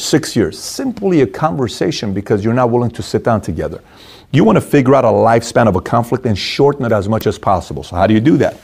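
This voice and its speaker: Lively middle-aged man giving motivational talk. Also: medium pitch, fast talker, creaky, husky. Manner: animated, acts out quoted voices. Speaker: motivational speaker.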